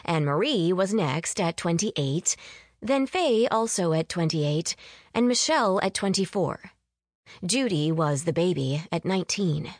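Woman narrating a story in a low, dry voice. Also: dry recording. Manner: measured, even storytelling. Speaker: audiobook narrator. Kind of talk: scripted narration.

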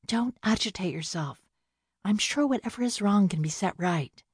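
A woman's voice: mid-range voice, lively intonation, normal speed, darkish tone, husky, no room sound, studio quality, voice pushed up. A woman voicing an earnest, flustered young farm woman who speaks kindly and trips over her words when nervous. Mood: flustered, caring.

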